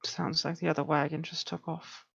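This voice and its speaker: A tabletop player speaks in character in a calm, measured way, with a gravelly voice. The microphone is dull and lo-fi, and the sound is dry. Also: medium pitch, no echo, soft background music.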